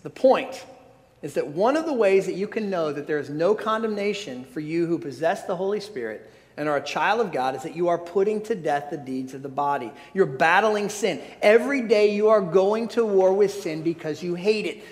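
A man's voice: sits high, lively intonation, moderate pace. A pastor preaching a sermon, earnest and emphatic, often restarting his phrases. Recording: long hall reverb.

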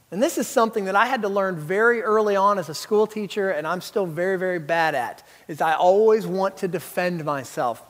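High-voiced male preacher in a reverberant hall. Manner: storytelling with humor and emphatic preaching. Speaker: pastor. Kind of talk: sermon.

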